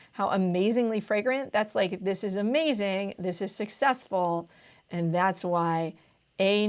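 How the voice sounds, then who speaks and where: Woman test-prep tutor, slightly high voice, animated explainer. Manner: animated, thinks aloud, often checks with "right?". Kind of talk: explaining test questions on video.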